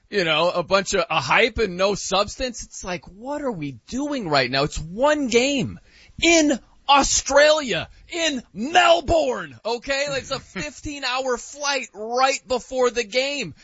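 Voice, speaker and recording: A man's voice: sits high, dry recording, muffled recording. A man hosting a casual sports talk show who jokes and fires off rhetorical questions. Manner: animated, joking, rhetorical questions.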